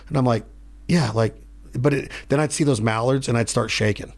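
A man hosting a podcast in a studio, telling stories in a rambling, animated way. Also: mid-range voice, fairly quick. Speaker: podcast host. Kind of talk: casual chat.

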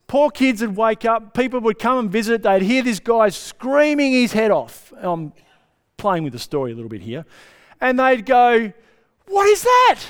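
A man's voice: high-pitched, expressive, moderate pace, clear, resonant tone, in a large hall. A man preaching a sermon in a conversational way, checking in with the congregation. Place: church hall.

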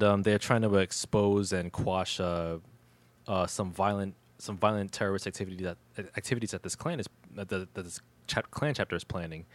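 A man talking through a film on a casual podcast. His voice sits on the low side. He rambles, restarts sentences and leans on slang as he goes. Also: no room sound. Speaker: podcast co-host. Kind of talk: casual movie review chat.

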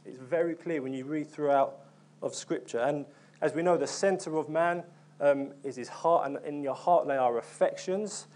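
A man's voice: a little high, normal speed, a little mellow. A young man preaching a sermon in an earnest, conversational way, with frequent ums and restarts.

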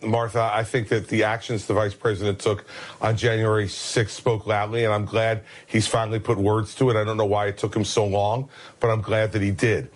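A man answers an interviewer's question. He is blunt and forceful, and his voice sits low. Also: little pitch movement, a little fast. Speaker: former governor, TV interviewee.

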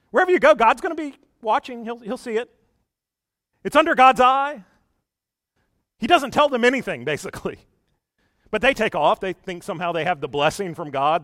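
A male pastor with a rather high voice preaches in an easy, conversational manner. He keeps asking the listeners questions and drops quiet for asides. The sound is dry and close. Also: no room sound. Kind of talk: sermon.

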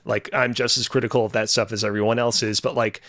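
A man's voice: mid-range voice, flat delivery, quick pace, a bit bright, no echo. A man co-hosting a casual podcast, rambling with lots of fillers and restarts. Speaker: podcast co-host. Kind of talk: casual chat.

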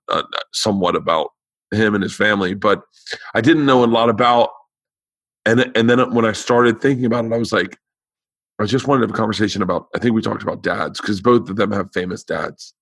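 A man's voice: fairly low pitch, no echo. A man hosting his podcast in casual chat, his voice tired and lacking power, rambling with stuttering restarts. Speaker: podcast host.

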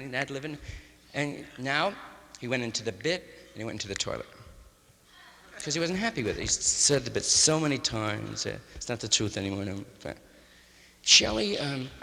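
Here a male stand-up comedian, medium-pitched, gravelly, pushed and bright, wanders through a loose improvised routine full of hip jazz slang. Recorded live on a concert hall stage in 1961, it has reverb and faint hiss.

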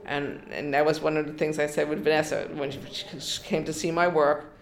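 A woman's voice: deep voice, little pitch movement, brisk. An older woman from New York in an oral history interview, telling her story with many restarts and bits of quoted dialogue.

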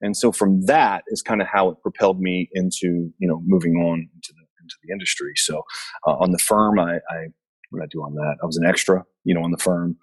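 A middle-aged actor from Memphis, Tennessee, guests on a casual interview via a remote call from his basement, telling stories in a rambling, laid-back way full of fillers and restarts. His voice sits low, slightly rough, a little fast, with fairly even intonation.

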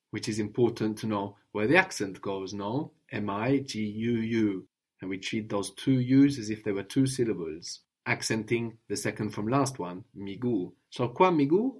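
A man's voice: fairly low pitch, animated, moderate pace. A man teaching a language lesson patiently, often checking in with a questioning "no?".

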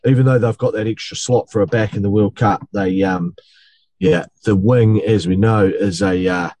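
Casting: low, mellow New male co-host, dry sound. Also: steady tone, moderate pace, no echo. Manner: chimes in with short agreements. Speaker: podcast co-host. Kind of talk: casual sports chat.

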